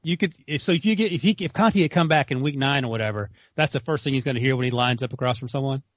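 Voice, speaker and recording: A man co-hosting a sports radio show who quickly asks eager questions. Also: medium pitch, no room sound, dull audio. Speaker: radio co-host. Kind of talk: casual sports talk.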